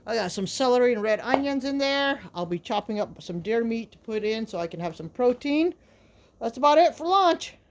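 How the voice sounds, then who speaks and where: A woman's voice: fairly high pitch, expressive, normal speed, a little hiss or hum. A woman, vlogging in a casual, rambling way with many fillers from a small wooden shack in the winter woods. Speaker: outdoor vlogger. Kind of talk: casual chat to camera.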